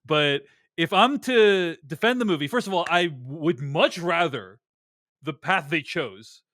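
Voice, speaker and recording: A man co-hosting a film review podcast, making a measured, hedging case in casual chat. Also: on the high side, expressive, a bit bright, dry recording, studio quality. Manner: measured, hedging, playing devil's advocate. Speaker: podcast co-host.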